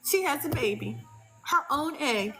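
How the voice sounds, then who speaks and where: A woman's voice: sits high, lively intonation, unhurried, fairly bright tone, faint music behind, low-quality recording. A woman in casual conversation, speaking frankly and emphatically with frequent fillers. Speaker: podcast conversation partner. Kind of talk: casual chat.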